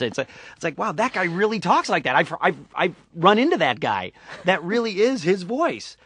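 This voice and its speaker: A man's voice: sits high, very animated, moderate pace, fairly bright tone, husky, no room sound. A middle-aged man from Syracuse, New York, chatting loosely in an interview and slipping into playful put-on voices. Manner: jokey, slips into put-on voices and impressions. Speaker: voice actor guest. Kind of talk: casual interview chat.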